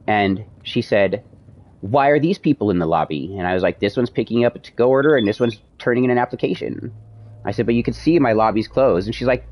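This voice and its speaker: A man's voice: fairly low pitch, fairly quick. A man streaming, casually telling a long personal story, acting out the dialogue with plenty of swearing. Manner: animated, profane retelling with quoted dialogue.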